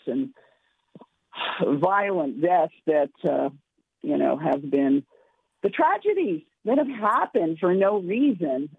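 A hoarse woman calling into a radio show as a guest, rambling and clearing her throat as she loses her voice. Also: deep voice, no echo. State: hoarse, losing voice. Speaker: radio guest, gala chair. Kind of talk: radio phone-in interview. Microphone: phone. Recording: tinny phone line.

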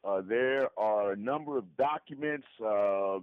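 A man's voice: fairly low pitch, a little slow, clean tone, dry recording. Earnest male guest phoning in, tinny lo-fi phone line. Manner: earnest, repeats himself often. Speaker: interview guest calling in. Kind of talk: phone-in conversation.

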